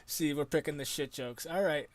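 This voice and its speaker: A man's voice: a little high, normal speed. A man commenting on a game with wry, sarcastic asides. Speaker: gaming streamer.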